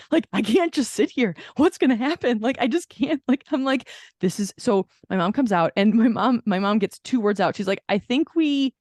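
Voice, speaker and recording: A woman's voice: medium pitch, no room sound. Chatty woman telling a story, dry sound. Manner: animated storyteller who acts out quoted people. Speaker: podcast co-host. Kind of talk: casual storytelling chat.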